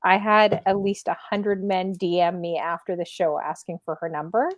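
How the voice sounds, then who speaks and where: A woman's voice: fairly low pitch, fairly even intonation, normal speed, no room sound. A woman in her forties hosting a casual livestream talk show, chatting easily, reading out viewer comments and laughing often. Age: 40s.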